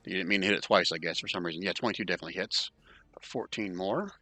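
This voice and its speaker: A man running an online tabletop game as dungeon master, counting moves aloud and tossing in quick asides. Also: deep voice, bright, forceful tone, no echo, soft background music.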